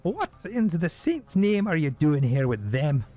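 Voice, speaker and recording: Man doing a high-pitched, icy winged sister, all contempt, clipped delivery. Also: sing-song, unhurried, dark tone, faint music behind. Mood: scornful. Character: scornful winged woman, hostile blood sister.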